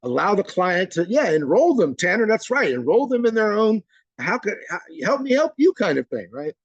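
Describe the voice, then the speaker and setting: Gravelly, encouraging man leading a webinar. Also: high-pitched, very animated, moderate pace, no room sound, lo-fi sound. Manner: encouraging, praises participants by name; chatty and informal, frequent fillers. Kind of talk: live online training, reading chat replies aloud.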